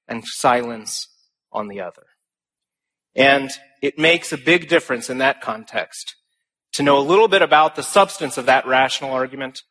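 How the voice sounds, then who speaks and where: A man's voice: medium pitch, sharp tone. A young man giving a speech to an audience, telling stories with earnest emphasis and flashes of humor. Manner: emphatic rhetorical phrasing. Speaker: speaker.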